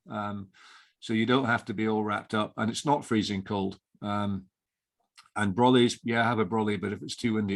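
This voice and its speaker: A man's voice: fairly low pitch, vocal fry. A middle-aged man, an inn owner, chatting as a guest in a casual interview, rambling with many restarts and fillers.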